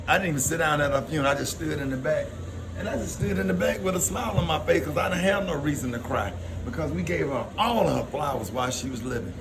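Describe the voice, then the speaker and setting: Against a noisy background, a middle-aged man from Alabama with a Southern accent spins a personal story as a comedian. His fairly high voice stays casual and animated, full of laughter and impressions of the people he quotes.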